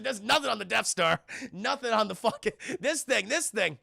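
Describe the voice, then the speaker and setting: Animated, profane man with a gravelly voice. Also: extremely high pitch, brisk, dry recording, clean studio sound. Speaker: streamer and film reviewer. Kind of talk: profane film recap for stream chat.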